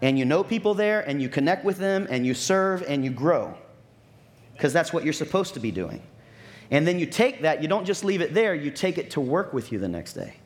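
A man's voice: fairly high pitch, big pitch swings, a little fast. A man preaching a sermon in a conversational, emphatic way, speaking straight to his congregation. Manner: conversational, emphatic, acts out quoted churchgoers. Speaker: pastor.

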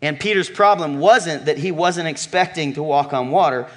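A man preaching to his congregation with a fairly high voice. He throws out questions, booms out key phrases, then drops to a near-murmur for weight. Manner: emphatic preaching, swings from loud calls to low murmurs. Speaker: pastor. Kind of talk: sermon.

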